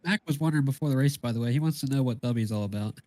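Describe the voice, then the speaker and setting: Fast-talking race booth host, mellow dry voice, friendly. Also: male voice, mid-range voice, no room sound. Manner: quick, upbeat, friendly questioning. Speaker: booth commentator interviewing drivers. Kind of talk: post-race interview.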